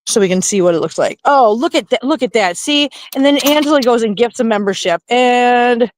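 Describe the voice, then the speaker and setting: A woman's voice: a little high, expressive, brisk, slight background noise, rough recording. A middle-aged woman hosting a casual livestream outdoors at night, chatty and playful, laughing often and talking into a handheld phone. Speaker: livestream host.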